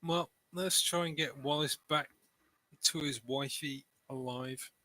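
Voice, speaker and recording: Bright-voiced male player, dry sound. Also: on the high side, unhurried, dry recording, rough recording. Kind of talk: tabletop game role-play.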